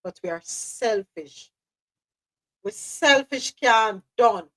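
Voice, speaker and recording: A woman's voice: on the high side, expressive, takes it slowly, fairly bright tone, rough recording. A woman hosting a live news podcast, speaking passionately and repeating phrases for emphasis. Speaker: host.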